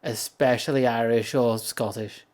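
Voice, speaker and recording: A man's voice: mid-range voice, steady tone, a little slow, darkish tone. A British man chatting casually on a livestream while gaming, rambling and laughing at himself often. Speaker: streamer. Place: home streaming setup.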